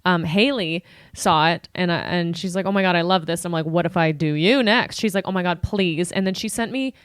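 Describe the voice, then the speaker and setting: A woman co-hosting a podcast in casual chat, talking eagerly and jumping in with quick asides. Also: lowish voice, clean tone, no echo. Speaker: podcast co-host.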